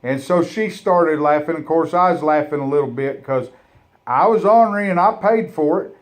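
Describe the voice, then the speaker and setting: A man telling a funny folksy story, rambling with halting restarts. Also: on the high side.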